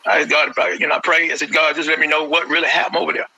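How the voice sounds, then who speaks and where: A man's voice: on the high side, little pitch movement, very fast, a crowd in the background, rough recording. A man, a grieving father, speaking with passion and repeating his words in an interview. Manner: impassioned, repeats phrases. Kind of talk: emotional phone interview.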